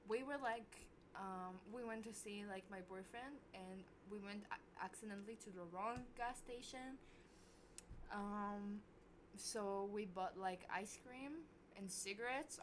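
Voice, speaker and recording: A young woman vlogger telling a story casually to camera, swearing often and getting loud when worked up. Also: a little hiss or hum. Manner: animated, swears a lot, voice jumps high when worked up.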